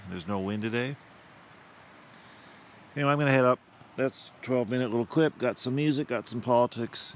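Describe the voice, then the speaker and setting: A man's voice: on the low side, dull audio, slight background noise. Laid-back man rambling outdoors. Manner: relaxed, rambling. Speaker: podcast host. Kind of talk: casual outdoor monologue. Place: outdoors by a river.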